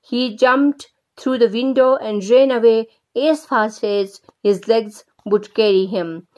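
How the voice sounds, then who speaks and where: A woman narrating a children's story in a gentle, measured way. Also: a little high. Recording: slightly dull lo-fi recording.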